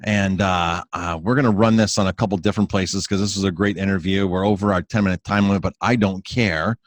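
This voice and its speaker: A man's voice: deep voice, fairly even intonation, brisk, dry recording. A man hosting an interview podcast, talking casually and enthusiastically, often repeating his words. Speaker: podcast host and restaurant owner.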